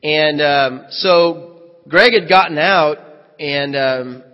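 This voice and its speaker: A man's voice: fairly high pitch, takes it slowly. Man preaching in an echoey church hall. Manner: vivid first-person storytelling with reenacted dialogue. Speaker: pastor. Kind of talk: sermon storytelling. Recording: echoey hall, dull lo-fi sound.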